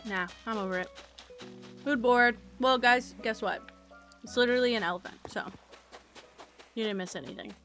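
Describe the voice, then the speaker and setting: A woman's voice: mid-range voice, a bit bright. A young woman streamer chatting casually, ranting and swearing while she eats. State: eating while talking. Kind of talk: casual live-stream chat.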